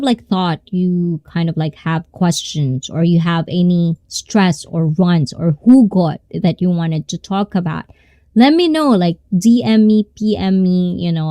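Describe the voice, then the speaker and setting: A woman's voice: lowish voice, warm tone, no room sound. A woman chatting casually and rambling to viewers on her live stream. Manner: rambling, conversational.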